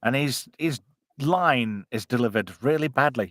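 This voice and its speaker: Chatty male host, lively pitch. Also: a little slow, dry recording, studio quality. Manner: chatty, jokey, filler-heavy, reads chat aloud. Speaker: podcast host watching a film with chat. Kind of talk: casual live watch-along chat.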